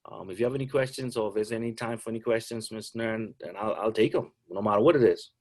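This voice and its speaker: A man's voice: lowish voice, fast, a little mellow. A middle-aged man, a basketball coach, answering questions on a video call in a chatty, joking way.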